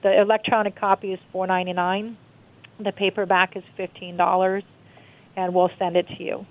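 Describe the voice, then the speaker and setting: A woman tells stories in a lively, rambling way, full of fillers and repetition. Her voice comes through a thin, tinny phone line. She is a guest author in a phone-in interview. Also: mid-range voice, brisk. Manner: animated storyteller, repeats herself, many fillers.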